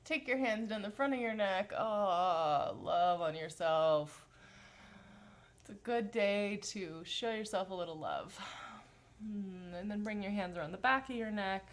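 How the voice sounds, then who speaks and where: A woman voice teacher leading a live-streamed vocal warm-up class, giving gentle, encouraging instructions, greeting viewers by name, and demonstrating hums and sung sounds. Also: medium pitch, normal speed.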